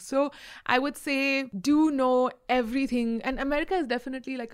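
Brief: animated Indian woman podcaster. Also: a little high. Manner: animated, emphatic, thinking aloud. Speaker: podcast co-host. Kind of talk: casual podcast chat.

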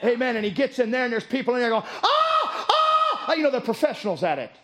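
A man preaching a sermon, moving between low storytelling and shouted exhortation. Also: animated, racing.

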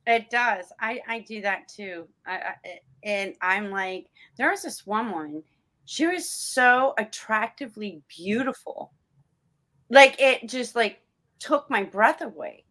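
A woman's voice: on the high side, lively intonation, takes it slowly, fairly bright tone. A woman hosting a casual conversation, agreeing enthusiastically.

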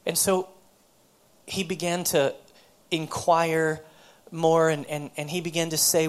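A woman's voice: low-pitched, flat delivery, slow. A woman preacher giving a sermon, earnest and storytelling, often repeating words as she goes.

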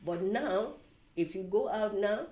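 A woman's voice: medium pitch, lively intonation, takes it slowly. An older woman with a foreign accent, telling stories in a casual chat, full of fillers and restarts. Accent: foreign-accented English. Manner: warm storytelling, many "you know" fillers and restarts. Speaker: interviewee.

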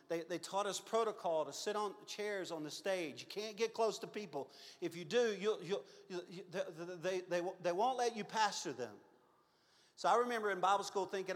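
Earnest preacher in a reverberant church. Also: male voice, high-pitched, a little fast. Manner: earnest, confessional, swings from loud to hushed. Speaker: pastor. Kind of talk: sermon storytelling. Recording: long hall reverb.

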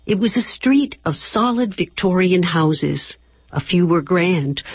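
A low, husky woman reading her own novel at a slow, measured pace. The sound is dry and close, and the dull radio audio cuts the highs. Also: dry recording. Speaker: author and guest. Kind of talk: reading her novel aloud, then chat. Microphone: radio studio microphone.

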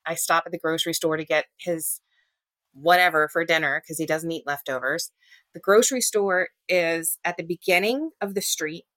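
Woman, low voice, earnest, halting, restarts, personal storytelling, interview guest, dry close sound. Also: a bit bright, no room sound. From Louisiana. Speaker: guest telling her story.

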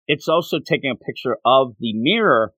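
A man co-hosting a casual podcast, recapping a show in an animated, rambling way with frequent chuckles. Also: mid-range voice, normal speed, husky, no room sound. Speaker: podcast co-host.

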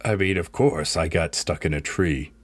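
A wise old wizard trapped inside a talking book, gentle and rambling as he reassures a friend, played by a man. The voice sits very low and is recorded dry and close in an actual-play game. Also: moderate pace, breathy edge, no room sound.

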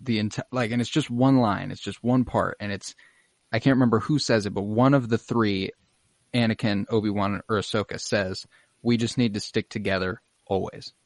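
A young man with a lowish voice recaps a show in a loose podcast chat. He slips into exaggerated character voices and curses casually. The sound is dry and close, with no room echo. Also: steady tone, moderate pace. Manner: acts out lines in exaggerated voices, swears casually. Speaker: podcast co-host recapping an episode. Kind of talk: casual chat, animated retelling.

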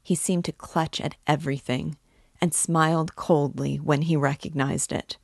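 A woman narrates a classic novel slowly and deliberately, with a gravelly texture. The recording is close and dry, with no room sound. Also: low-pitched, fairly even intonation, no room sound. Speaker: book reading guide. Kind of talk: audiobook-style literary reading.

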